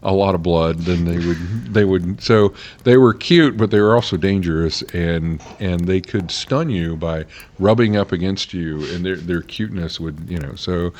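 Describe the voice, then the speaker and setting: A man's voice: deep voice, moderate pace, darkish tone. A man from the States, co-hosting a casual chat about tabletop games and rambling with many fillers. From Southern United States. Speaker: podcast co-host, dungeon master.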